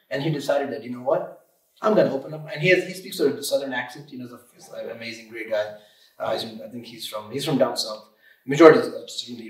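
A man in his thirties, an auto shop owner and guest, talking emphatically in a casual podcast interview and repeating himself as he goes. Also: mid-range voice. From Michigan, USA. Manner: emphatic, repeats words, restarts often. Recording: roomy room, distant mic.

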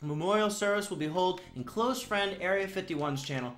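A woman's voice: lowish voice, normal speed, faint music behind, lightly acted. Woman doing a mock-solemn news anchor. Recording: echoey room.

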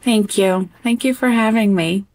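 A woman guest in a casual interview conversation who talks with animated expression and often stops on an um. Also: mid-range voice, measured pace. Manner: animated and expressive, breaks into laughter; hesitant with frequent ums.

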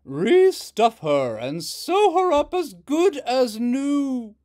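A man voicing a fierce, booming mother in a storybook read-aloud, roaring out commands. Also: very animated, slow pace, a little mellow, full character voice.

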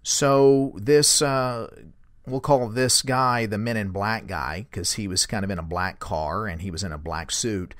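A man casually retells a source's encounter as host, in a relaxed, rambling way with fillers and lively quoted speech. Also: on the low side, measured pace, no echo, clean studio sound. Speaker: host recounting a source's story. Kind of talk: conversational storytelling.

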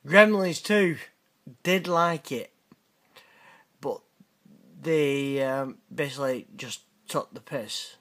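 Slow-talking, sweary British man. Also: on the high side, expressive, a bit bright. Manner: blunt, sweary, teasing banter. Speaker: channel host reacting to viewer messages. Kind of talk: casual reaction commentary.

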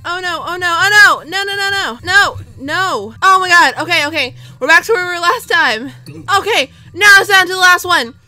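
High, lively young woman shouting over a game. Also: normal speed, dry recording. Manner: shouts and wails at losses, excitable. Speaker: gaming video host. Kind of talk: excited gameplay commentary.

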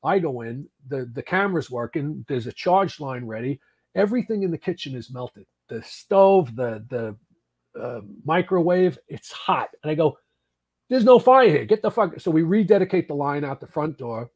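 Husky man in his sixties telling stories. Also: a little high, moderate pace. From United States. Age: 60s. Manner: animated, swearing, trails off and restarts. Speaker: podcast guest, actor and volunteer firefighter. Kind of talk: casual storytelling.

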